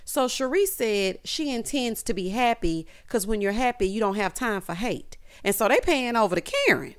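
A woman giving a casual, sassy recap of a reality show, with animated asides to the viewer. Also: fairly high pitch, moderate pace, smooth.

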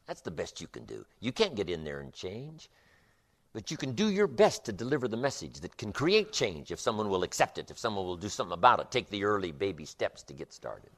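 A man's voice: on the low side, huge pitch swings, fairly quick, fairly bright tone. A man giving a motivational speech, emphatic, with rhythmic repetition. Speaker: motivational speaker.

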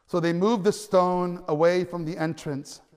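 A male pastor preaching a sermon in a church, animated and conversational, with stammering restarts and loud cries at the high points. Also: a little slow, clear, resonant tone, long reverb tail.

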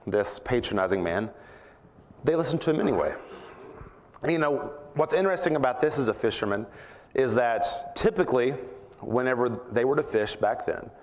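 A man preaching a sermon at church, earnest and reflective, rising in pitch to stress his points. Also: big-room sound.

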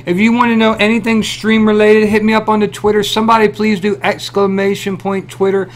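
A man hosting a casual live stream, greeting viewers by name and reacting loudly and profanely to pictures they send, often laughing. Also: sits high, flat delivery, brisk. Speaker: livestream host.

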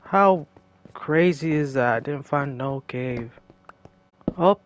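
A man giving casual gameplay commentary, jokey and excitable, talking to himself and to the game's creatures. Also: mid-range voice, slow, long pauses.

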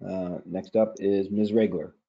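A man's voice: deep voice, fairly even intonation, unhurried, warm tone. A man moderating a forum and introducing each speaker briefly. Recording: dull lo-fi audio.

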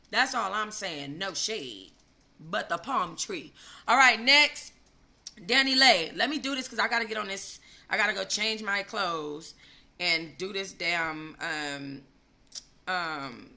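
A woman hosting a gossip live stream, talking casually and animatedly, swinging between loud gushing and low asides. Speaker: gossip channel host.

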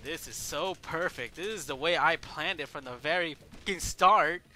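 A man giving casual let's play commentary over a wrestling game, excitable and swearing, yelling at the game and shouting out moves. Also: fairly high pitch, normal speed. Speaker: gameplay commentator.

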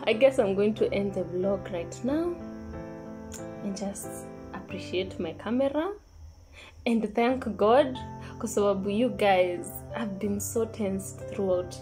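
A young woman chatting casually in a vlog, slipping Swahili phrases into her English. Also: mid-range voice. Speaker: vlogger.

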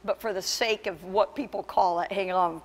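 A woman pastor preaching a sermon with impassioned, emphatic delivery that surges to loud peaks. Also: medium pitch, fairly even intonation, moderate pace, big-room sound. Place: church sanctuary.

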